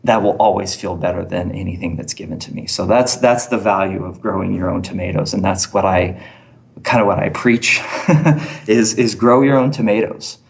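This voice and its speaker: Man, deep voice, gravelly, earnest, halting storytelling, podcast guest. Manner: earnest, halting with many restarts. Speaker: podcast guest, fitness coach. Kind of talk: storytelling in an interview.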